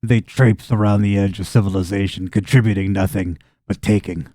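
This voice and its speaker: A man voicing a cold, bigoted farmer who speaks slowly in a low, grim tone. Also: fairly even intonation, mellow, no room sound, clean studio sound, lightly acted. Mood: contemptuous.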